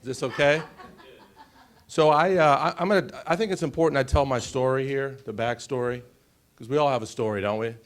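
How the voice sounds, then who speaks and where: A man in his forties from the United States, giving an emotional personal story on a conference panel and often pausing to check in with the audience. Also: medium pitch. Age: 40s. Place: conference stage.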